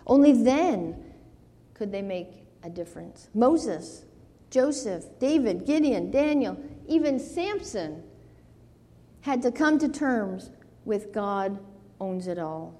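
Slow-preaching woman in an echoing hall. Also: medium pitch, animated, mellow. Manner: slow earnest preaching, rising to pleading in quoted scripture. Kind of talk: sermon. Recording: long hall reverb.

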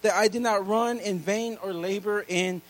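On a low-quality recording, a male pastor with a high-sitting, steady voice reads scripture loudly and slowly. Between readings he drops into quick, quiet asides to his congregation.

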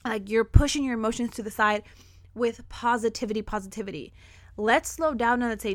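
An energetic woman hosts a motivational podcast with a slightly high voice. She leans hard on repeated words and keeps her delivery emphatic. The recording is close and dry. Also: fairly quick, no room sound. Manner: energetic, enthusiastic, emphatic repetition. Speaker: podcast host.

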